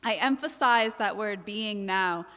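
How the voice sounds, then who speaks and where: Bright, crisp woman with a Jersey accent. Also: medium pitch, a little slow. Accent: New Jersey. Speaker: writing teacher introducing a student. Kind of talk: spoken introduction at a public reading. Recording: long hall reverb.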